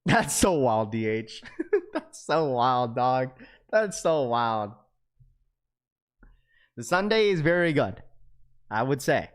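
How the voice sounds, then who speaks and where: A man's voice: medium pitch, sing-song, takes it slowly, long pauses. A young man hosting a live stream who chats loosely and slangily with his viewers and laughs often. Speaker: livestream host. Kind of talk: casual live-stream chat.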